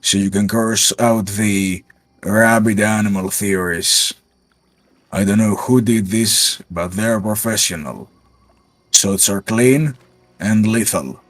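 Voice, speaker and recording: A man voicing a grizzled male sergeant giving a clipped military radio report in a gruff voice. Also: fairly low pitch, takes it slowly, no room sound, voice pushed down. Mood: grim report. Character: grizzled male soldier, sergeant under fire.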